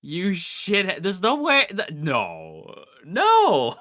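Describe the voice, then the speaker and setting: A woman guest in a casual reaction chat, incredulous and quick to exclaim. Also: fairly low pitch, wildly swooping pitch, a bit bright. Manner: incredulous, laughs and exclaims a lot.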